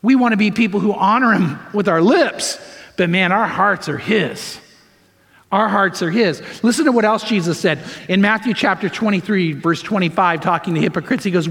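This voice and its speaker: A man's voice: high-pitched, normal speed, a bit bright. A man pastor delivering a sermon in an emphatic preaching manner, pressing points with repeated phrases. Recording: long reverb of a large hall.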